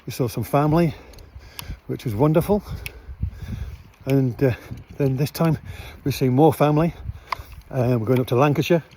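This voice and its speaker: This is casual vlog narration from a man outdoors at night near his van, loose and relaxed with plenty of fillers. His pitch is medium and his speed normal, and there's a bit of background noise.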